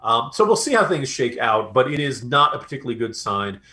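A man's voice: mid-range voice, big pitch swings, brisk, bright, forceful tone. A man co-hosting a political podcast, talking in a loose, rambling way and slipping into mocking voices when he paraphrases others. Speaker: podcast co-host. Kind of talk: casual political commentary.

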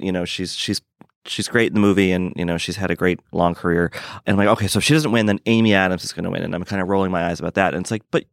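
A man's voice: low voice, no echo, studio quality. A man co-hosting a casual film-awards podcast, chatty, agreeable and self-deprecating. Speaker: podcast co-host.

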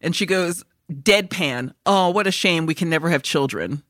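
A woman co-hosting a podcast in casual chat, an animated storyteller who swears freely and laughs often. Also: on the low side, normal speed, no room sound, clean studio sound. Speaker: podcast co-host.

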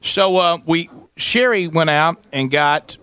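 A man's voice: fairly high pitch, slow pace, pushed and bright, smooth. A middle-aged man telling a story on a talk show, acting out both sides of the conversation. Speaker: radio show host.

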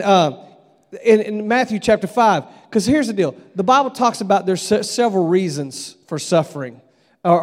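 A middle-aged man with a drawl delivers a relaxed, storytelling revival sermon. His voice sits high, and the church sanctuary adds a long, lingering echo. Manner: folksy, conversational, acts out voices in his stories. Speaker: revival preacher.

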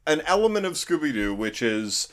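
Podcast co-host, man, slightly higher voice, hesitant restarts, dry humor. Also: sing-song, moderate pace, a bit bright. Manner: hesitant, stammering starts, wry jokes. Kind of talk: casual comedic chat.

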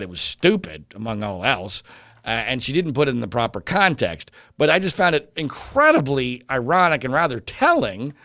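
A man's voice: high-pitched, vocal fry, bright, forceful tone, no echo, clean studio sound. A man giving an indignant opinion commentary monologue, mocking other voices and often restarting his sentences.

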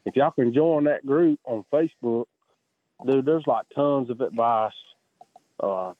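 A man's voice: medium pitch, no echo. Southern man calling in on a phone line. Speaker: caller. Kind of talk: casual chat.

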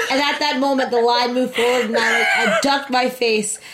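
Giggly young woman, higher voice. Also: steady tone, normal speed, a bit bright. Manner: giggly, playful storyteller. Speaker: podcast co-host. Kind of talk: casual chat.

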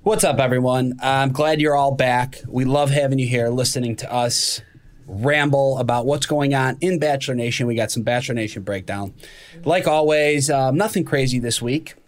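A man's voice: medium pitch, moderate pace. A man hosting a podcast in casual chat, upbeat and joking, and a little sheepish at times. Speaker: podcast host.

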